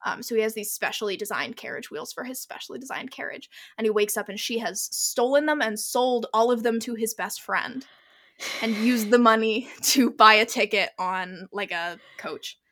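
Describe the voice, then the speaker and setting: A woman with a bright, sharp, slightly high voice chats on her podcast. She retells a story in animated bursts, sprinkled with "like," and slips into the characters' lines as she goes. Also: moderate pace. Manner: animated storyteller, heavy use of "like", acts out quotes. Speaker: podcast co-host. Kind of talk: casual chat recapping a book.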